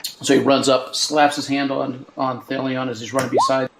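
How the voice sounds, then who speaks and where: A man playing a tabletop game, describing his character's moves haltingly, with many pauses. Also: mid-range voice, flat delivery, creaky, a bit bright, a little hiss or hum, rough recording. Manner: halting, hesitant. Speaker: player.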